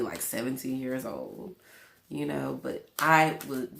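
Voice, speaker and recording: A woman's voice: low voice, vocal fry, reverberant, slight background noise. A woman host giving a casual tarot reading to a camera at home, rambling and chatty with lots of fillers. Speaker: tarot reader. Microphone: camera in front of her.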